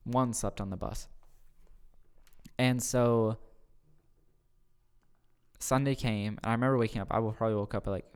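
A man, a youth pastor, telling a retreat story on a podcast in a casual, excited way, often repeating his words. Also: on the low side, moderate pace, long pauses, smooth.

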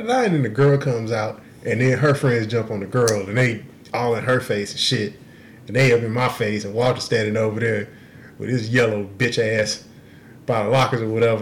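A young man on a podcast, telling a story in an animated, profane way and laughing through the punchlines. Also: on the low side, brisk, slight background noise. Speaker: podcast co-host. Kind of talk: casual storytelling.

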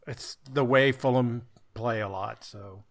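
A husky-voiced man with an American accent, from Montana, talking in short terse bursts. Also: mid-range voice, measured pace. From Montana, USA. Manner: terse, mutters encouragement under breath. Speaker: podcast guest.

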